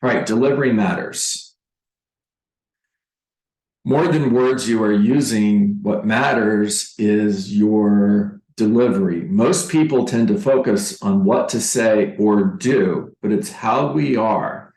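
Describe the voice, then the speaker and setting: A man giving a motivational sales training talk as a real estate coach, deliberate and emphatic, repeating key phrases. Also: fairly low pitch, warm tone, roomy sound, rough recording.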